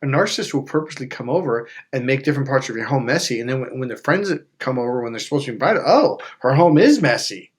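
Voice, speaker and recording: A man hosting a self-help video, telling stories in a casual, animated way with frequent swearing. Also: medium pitch, very fast, few pauses. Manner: animated storytelling with swearing and acted-out quotes. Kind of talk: casual motivational talk.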